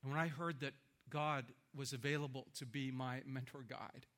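A man preaching a sermon in an earnest, reflective way, building in force and then softening. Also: mid-range voice, fairly even intonation, normal speed.

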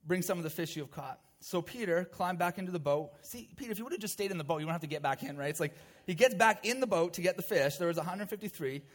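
A male preacher with a fairly high voice delivers a sermon. He retells a scripture passage as a vivid story and mixes in chatty asides to his listeners. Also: fast, hardly any pauses. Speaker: pastor.

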